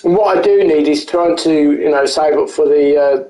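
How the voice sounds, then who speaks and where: A man's voice: on the high side, moderate pace, dark tone, reverberant, low-quality recording. A man giving rambling, self-correcting live commentary while he plays a game, chatting with his viewers. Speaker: streamer.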